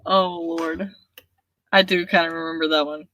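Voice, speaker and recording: A woman's voice: deep voice, steady tone, moderate pace, sharp tone, highs cut off. A woman hosting a casual writing livestream, chatting, laughing often and reading viewer comments aloud. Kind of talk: casual chat.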